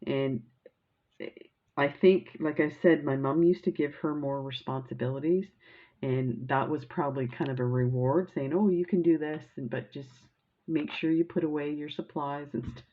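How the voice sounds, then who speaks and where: Low chatty lady rambling on about her beads, kinda muffled lo-fi sound. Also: steady tone, moderate pace. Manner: rambling, chatty storytelling with laughs and gushing. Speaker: crafting vlogger. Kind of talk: casual chat while showing beads.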